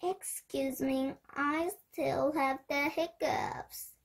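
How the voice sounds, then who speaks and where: A woman's voice: high voice, fairly even intonation, drawn-out words, creaky, heavily acted. A woman doing a polite little kid with hiccups. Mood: plaintive. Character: young child with the hiccups.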